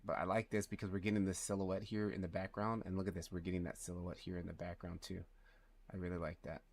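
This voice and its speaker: A man streaming live as a 3D artist, speaking low and quietly, thinking aloud and muttering numbers to himself as he works. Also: flat delivery, fast. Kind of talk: thinking aloud while working.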